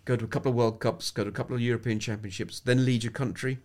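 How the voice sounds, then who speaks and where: Rapid-fire yet steady in tone, a medium-pitched voice with a darkish quality comes from a middle-aged sports psychologist from England. Guesting on a podcast, he tells reflective anecdotes and often restarts his sentences.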